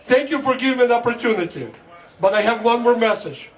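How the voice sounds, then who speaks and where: Talking fast in a very high-pitched, expressive voice, this Russian man from the Soviet Union is a guest speaker at an outdoor political rally, giving a fervent speech and repeating a slogan. Heavy crowd noise surrounds the distant mic.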